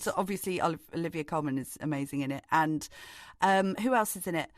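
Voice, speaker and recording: A woman's voice: low-pitched, a little fast, no room sound, clean studio sound. A woman co-hosting a podcast, chatty and rambling as she talks animatedly about films. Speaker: podcast co-host. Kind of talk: casual chat.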